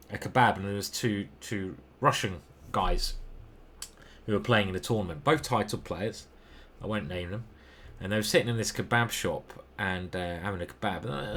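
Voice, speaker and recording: A man's voice: low voice, fairly bright tone. A man with an English accent commenting casually over his own chess games, rambling, self-deprecating and swearing now and then.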